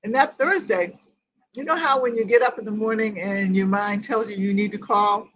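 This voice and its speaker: A woman's voice: medium pitch, moderate pace, fairly bright tone, rough recording. An older woman hosting a grief group, telling a personal story in a rambling way and quoting each conversation word for word. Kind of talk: personal storytelling in casual chat.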